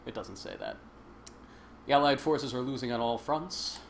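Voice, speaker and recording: A man's voice: medium pitch, animated, moderate pace, gravelly, pauses often. A man hosting a casual game stream, joking and laughing as he plays and comments. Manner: joking, chatty, laughs often. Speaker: stream host. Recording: faint game noise behind. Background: game sound.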